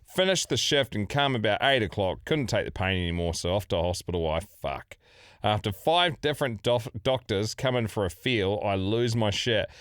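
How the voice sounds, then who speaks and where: A man's voice: on the low side, animated, normal speed, fairly bright tone, clear, resonant tone, no echo, clean studio sound. A middle-aged man with a New Zealand accent, co-hosting a podcast and reading out a listener's story in a laid-back, sweary way. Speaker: podcast co-host.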